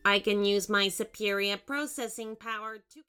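A woman voicing a male humanoid soccer robot with a flat, electronic, stiff and formal way of talking. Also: medium pitch, moderate pace, clear, resonant tone, faint music behind, lightly acted.

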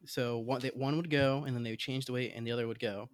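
A man's voice: medium pitch, steady tone, fast. A man chatting casually as a podcast co-host, telling a rambling, self-deprecating story. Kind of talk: casual chat.

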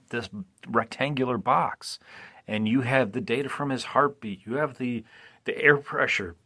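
A man's voice: medium pitch, a little slow, sharp tone. A man hosting a podcast, recapping a movie in a casual, rambling way, often restarting and asking listeners "right?". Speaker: podcast host.

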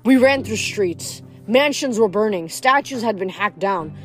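A woman reading a novel aloud in steady narration, now and then stumbling over a word. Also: medium pitch, a little slow, soft background music. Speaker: reader.

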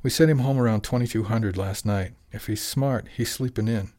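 A man's voice: fairly low pitch, moderate pace, mellow, lightly acted. A man doing a weary fleet boss.

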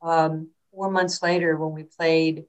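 A woman's voice: low-pitched, takes it slowly, dull audio. A woman, a basketball coach telling stories in an interview and acting out the quoted lines. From New York. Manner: animated storyteller, acts out quotes. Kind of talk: storytelling interview.

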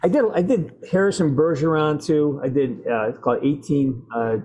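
A man who works as an actor, talking in a casual interview in a rambling, halting way with frequent laughter. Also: fairly high pitch, darkish tone, a little hiss or hum. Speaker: actor guest.

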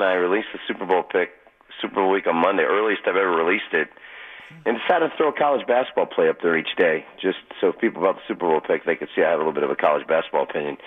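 A low-voiced man talks quickly and boastfully as a betting guest on a radio show. His voice comes through a thin, tinny phone line. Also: breathy edge. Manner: boastful, fast storytelling. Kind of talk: casual radio interview. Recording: phone-line call-in audio.

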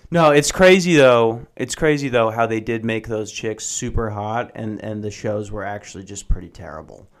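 A man's voice: fairly low pitch, moderate pace. A man hosting a solo podcast, rambling in a casual, profane and sarcastic way and often mocking himself. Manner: self-mocking, jokey.

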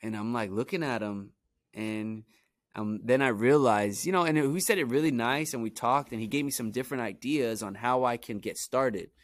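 A young man from Brooklyn tells personal stories in a casual, rambling flow. His voice sits at a middle pitch, and he keeps circling back with "you know" and "like." The sound is dry and close, with no room echo. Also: normal speed. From Brooklyn, New York. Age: young adult. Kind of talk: casual storytelling.

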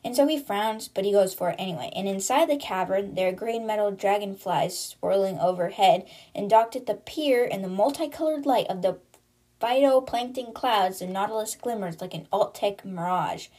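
A woman's voice: medium pitch, moderate pace, warm tone. A woman hosting a book podcast, retelling the chapters casually in her own words and chatty manner. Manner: chatty, "she's like" storytelling.

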